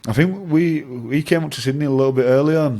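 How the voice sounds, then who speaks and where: A rugby league player in his twenties with an English accent, talking loosely as a guest in a casual chat. He rambles, restarts, laughs easily and swears now and then, with a voice of everyday middle pitch. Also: brisk, mellow. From England. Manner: rambling, laughs often, swears, says mate.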